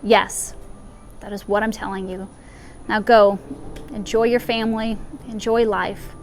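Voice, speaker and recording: A woman voicing a generous male king in a parable, speaking calmly and with authority. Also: mid-range voice, measured pace, slight background noise, lightly acted. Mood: lordly.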